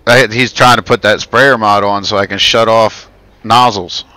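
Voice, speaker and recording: A man's voice: on the low side, fairly even intonation, normal speed, pushed and bright, poor audio. A man from the United States hosting a livestream, chatting easily and reading the chat aloud. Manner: easygoing, friendly, reads chat aloud. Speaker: livestream host. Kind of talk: casual chat.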